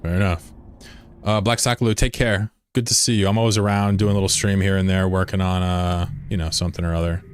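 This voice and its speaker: A man with a low voice talks loosely to his stream chat while he plays. He rambles from one thing to the next and swears freely. It sounds like he is at a desk mic in a room at home. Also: little pitch movement, fast, smooth. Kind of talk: casual live-stream chat while gaming.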